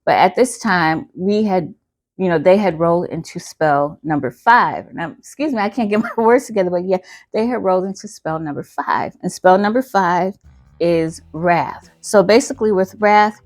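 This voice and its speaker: A woman's voice: lowish voice, moderate pace, dry recording. A woman hosting her channel, telling a story casually, full of fillers and self-corrections.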